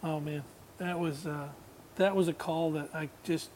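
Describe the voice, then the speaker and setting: A man, a guest musician, telling a long anecdote in relaxed, rambling conversation, laughing now and then. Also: fairly high pitch, a little slow, a little hiss or hum. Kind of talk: casual storytelling.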